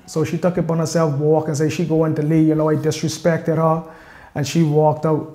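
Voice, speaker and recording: A young man tells his own story step by step, pausing for fillers and giving detailed street directions. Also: a little high, completely flat delivery, warm tone. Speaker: interviewee. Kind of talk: personal storytelling. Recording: echoey room with faint music behind.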